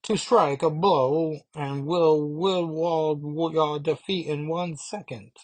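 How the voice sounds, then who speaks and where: A man's voice: a little high, slow pace, slightly rough, voice pushed up. A man voicing a tiny, brash male duck bounty hunter who turns his R and L sounds into W sounds. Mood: boastful. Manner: swaps R and L sounds for W.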